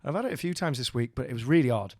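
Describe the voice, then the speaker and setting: A man's voice: mid-range voice, lively intonation, very fast, darkish tone, dry recording, studio quality. A young Welsh man hosting a podcast, telling rambling stories in casual chat and swearing freely. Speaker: podcast host.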